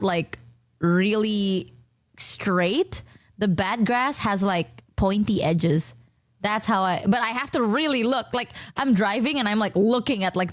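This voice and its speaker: A young woman streamer telling casual, animated stories, swearing often and acting out both sides of conversations. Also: no room sound, clean studio sound. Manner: animated, swears a lot, acts out dialogue in higher voices.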